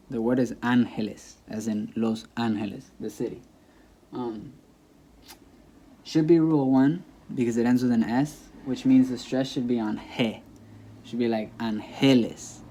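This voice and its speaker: A man teaching a language lesson in a patient, repetitive way, saying example words aloud several times so the stress is clear. His voice is mellow and dark, at a middle pitch for a man. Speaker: Spanish teacher. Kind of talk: classroom-style lesson explaining grammar.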